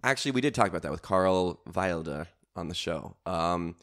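A man with a notably deep, low voice hosts a comedy podcast on his own. He talks in a loose, rambling way, swearing freely and poking fun at himself between lots of ums and likes. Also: lively intonation, moderate pace, a bit bright. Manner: swearing, self-mocking storytelling with lots of fillers. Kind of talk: casual rambling podcast monologue.

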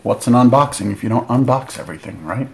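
A man hosting a board game channel, giving casual unboxing commentary with excitable, joking asides. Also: medium pitch, fast talker, vocal fry, slight background noise.

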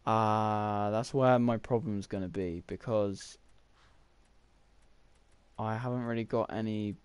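A man's voice: lowish voice, fairly even intonation, slow pace, a little mellow, clean tone, no echo. A young man, rambling through casual gameplay commentary while thinking aloud with lots of fillers. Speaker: gaming YouTuber.

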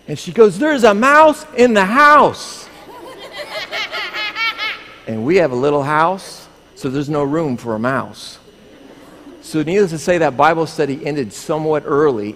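A middle-aged man, a pastor, telling a playful children's story in a church sanctuary and acting out screams as he goes. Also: a little high. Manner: animated, playful storyteller who acts out screams. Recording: echoey hall with faint room noise.

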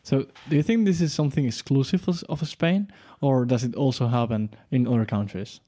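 A male interviewer in a casual conversation, asking brief, direct questions. He has a mid-pitched, mellow, warm tone. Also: fairly quick.

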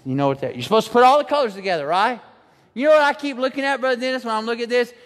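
A man preaching a sermon, animated, shouting some lines and drawing others out slowly. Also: extremely high pitch, long reverb tail. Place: church sanctuary.

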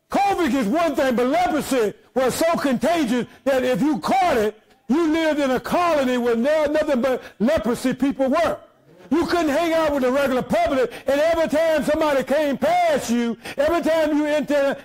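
Very high-voiced shouting preacher man. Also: low-quality recording. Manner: shouting preacher, calls out to congregation; folksy, joking asides. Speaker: pastor. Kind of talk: sermon.

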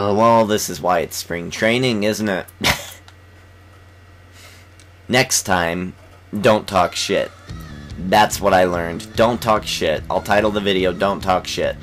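Low-voiced slow-talking gamer swearing at his team. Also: rough recording. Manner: swears and shouts in frustration at the game. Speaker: gaming channel host. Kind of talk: let's play commentary.

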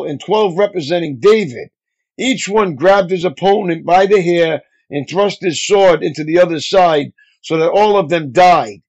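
Man, pastor, reads scripture aloud, measured phrasing, high voice, dull lo-fi sound. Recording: dull lo-fi audio.

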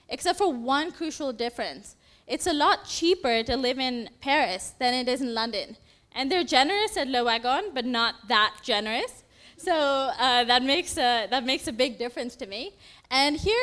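A woman's voice: high-pitched, fairly bright tone. A young woman presenting her coding project at a demo day, walking through an app with an upbeat, conversational manner. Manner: upbeat, narrates a live app demo with filler "uh"s.

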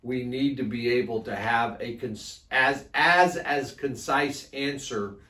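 A man's voice: mid-range voice, slow, bright, forceful tone. A man co-leading a church Bible study, reflecting aloud and often starting his thoughts with a repeated "I think". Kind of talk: conversational Bible teaching. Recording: echoey room, distant mic.

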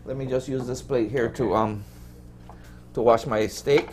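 A man's voice: mid-range voice, fairly even intonation, a little slow, darkish tone, a little hiss or hum. A Belizean man cooking on a TV show, chatting casually with many fillers and repeats. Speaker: cook.

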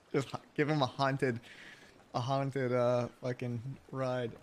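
A man's voice: medium pitch, steady tone, slow pace. Playful giggly man chatting over a game. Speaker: streamer. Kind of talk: casual gaming chat.

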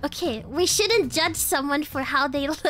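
A woman's voice: high-pitched, moderate pace, fairly bright tone, faint music behind. A young woman streaming a game live, giggly and playful, with lots of slang, laughing often at what happens on screen.

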